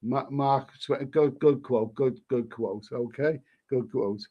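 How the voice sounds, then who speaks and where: A man's voice: medium pitch, takes it slowly, breathy edge, dull audio. A man hosting a casual live stream, reading viewer comments aloud and answering them with rambling, chuckling asides and many restarts.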